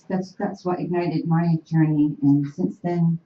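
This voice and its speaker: A woman from the Oneida Nation, telling an animated, emphatic story to an audience in a university room. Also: sits low, normal speed, hardly any pauses. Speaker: panel speaker. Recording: roomy, dull room recording.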